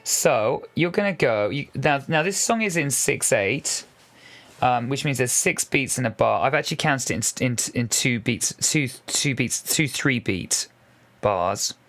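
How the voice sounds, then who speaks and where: A man's voice: medium pitch, lively intonation, measured pace. A man giving a casual, patient piano lesson, counting beats aloud as he explains the fingering. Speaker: piano teacher. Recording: piano music loud under voice. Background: piano playing.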